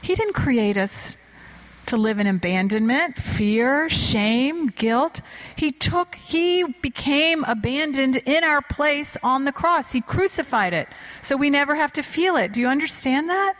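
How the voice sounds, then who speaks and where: Emphatic woman preacher, higher voice. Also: lively intonation, measured pace, fairly bright tone, poor audio. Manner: emphatic, voice climbing high on key words. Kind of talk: sermon with storytelling.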